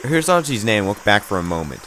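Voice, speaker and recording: A man reads a game's story aloud for a let's play, tense and dramatic, now and then tripping over words or adding a dry aside. His voice sits a little low. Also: very animated, fast talker, a bit bright, slight background noise. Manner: tense reading with stumbles and asides. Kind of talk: dramatic reading of game text.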